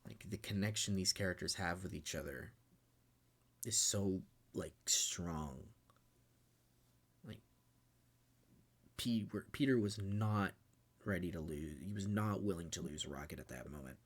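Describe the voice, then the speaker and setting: A man's voice: sits low, animated, a little slow, long pauses. A young man co-hosting a podcast, retelling a film scene in casual chat, swearing freely and getting emotional. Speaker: podcast co-host. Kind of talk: casual movie recap chat.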